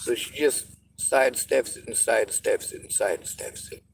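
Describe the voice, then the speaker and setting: A man's voice: medium pitch, normal speed, creaky, husky, low-quality recording. A man venting frustrated commentary in a vlog, ranting and swearing. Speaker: vlogger.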